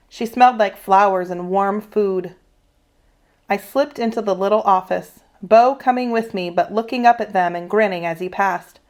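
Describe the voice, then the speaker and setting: A woman teacher reading a children's novel aloud in a steady, expressive storytelling voice. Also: mid-range voice. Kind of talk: children's read-aloud narration.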